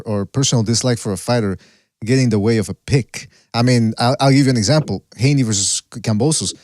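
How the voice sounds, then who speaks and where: Blunt, profane boxing podcast host. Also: male voice, mid-range voice, darkish tone, dry recording, clean studio sound. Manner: blunt, profane, stammers and repeats himself. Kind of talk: casual boxing chat.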